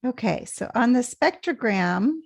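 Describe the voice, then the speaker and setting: A woman teaching English pronunciation in a patient lesson, repeating phrases slowly so learners can follow. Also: fairly high pitch, animated, gravelly, dry recording, clean studio sound. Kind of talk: slow explanatory lesson.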